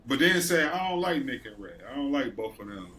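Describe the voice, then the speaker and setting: A man's voice: mid-range voice, animated, a little fast, pushed and bright. Male co-host, late thirties; loose, profane storyteller who acts out coworkers; mid-range voice, faint background noise. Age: late 30s. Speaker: podcast co-host. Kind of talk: casual chat.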